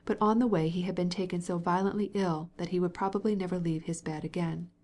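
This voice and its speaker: A woman narrating a classic novel as an audiobook, in measured storytelling. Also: lowish voice, fairly even intonation, darkish tone. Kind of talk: scripted narration.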